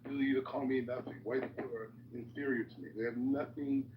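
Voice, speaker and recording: Fast, taunting man repeating insults. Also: mid-range voice, fairly even intonation, echoey room, recorded from a distance, lo-fi sound, noisy background. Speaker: guest debater. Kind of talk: heated online debate.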